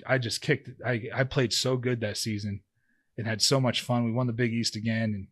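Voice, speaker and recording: With flat delivery at a normal speed and a mid-range voice, a podcast guest in his thirties and former professional football player tells a long, loose story. It's a casual interview, and he keeps restarting and using fillers.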